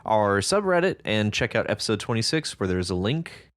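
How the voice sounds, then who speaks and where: A man's voice: on the low side, sing-song, no room sound. A man co-hosting a writing podcast, chatting casually and often restarting his sentences. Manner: chatty, halting, many restarts. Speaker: podcast co-host. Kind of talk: casual chat.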